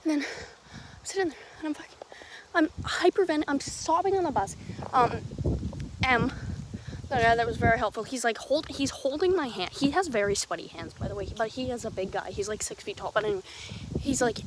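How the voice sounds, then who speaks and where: A young woman hosting her own podcast, telling a story casually, rambling and swearing, with many restarts, swinging between loud and hushed. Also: fairly high pitch, a little fast, noisy background. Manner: lively, jumping from loud to hushed. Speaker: podcast host.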